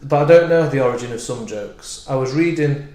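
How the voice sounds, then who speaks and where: A man's voice: medium pitch, fairly quick, a little mellow. A man who is a comedian, chatting loosely as a podcast guest, rambling and restarting his thoughts. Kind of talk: casual podcast chat. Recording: roomy echoey room.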